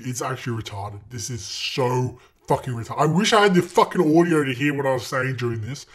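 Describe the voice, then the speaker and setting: With a mid-range, fairly bright voice, a young man talks a little fast with few pauses while commentating his own gameplay. This gaming creator is exasperated, cursing nonstop and tearing into himself.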